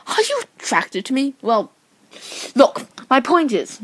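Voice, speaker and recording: A woman's voice: high-pitched, huge pitch swings, a little slow, a bit bright, slightly rough, dry recording, heavily acted. A woman playing a tactless best man in a comedy sketch, stammering and repeating herself as she talks. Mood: blunt. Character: smug, unkind best man at a wedding.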